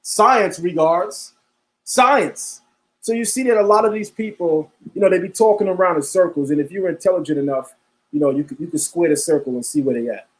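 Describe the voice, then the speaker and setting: A man's voice: sits high, brisk. A man hosting a live stream, talking casually, repeating himself and calling his viewers family. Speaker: livestream host.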